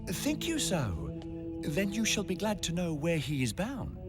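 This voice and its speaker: A sly, theatrical British-accented villain's servant in a video game. His voice leaps wildly across its range and sits a little high. Loud game music plays under him. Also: huge pitch swings, unhurried. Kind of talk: video game dub acting.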